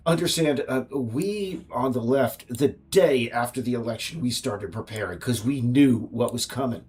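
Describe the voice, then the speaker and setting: A man's voice: medium pitch, moderate pace, hardly any pauses, a little mellow. An American man, a game developer, rambling and ranting on a casual livestream, with frequent restarts.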